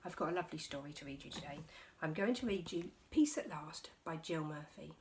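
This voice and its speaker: A woman teacher reading a picture book aloud to her class, expressive, with soft whispered passages. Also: deep voice, fairly quick, a little hiss or hum.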